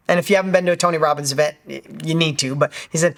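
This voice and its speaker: A man's voice: fairly high pitch, racing, few pauses. A man in his fifties giving a motivational talk as a business coach, emphatic and repetitive, acting out quotes as he goes. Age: 50s.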